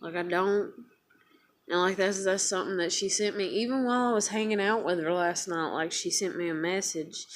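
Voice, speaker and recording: A woman's voice: on the low side, a little fast, hardly any pauses, a little hiss or hum. A woman talking straight to camera in a casual confessional vlog, venting in a worn-out way, swearing often and restarting her sentences. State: weary, emotionally worn down. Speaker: vlogger.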